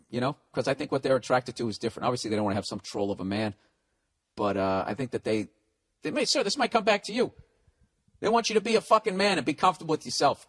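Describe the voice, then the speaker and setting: A man's voice: fairly high pitch, a bit bright. A man hosting a podcast, ranting bluntly and swearing constantly as he gives advice. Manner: blunt, heavily profane, ranting. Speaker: podcast host. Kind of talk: profane advice rant.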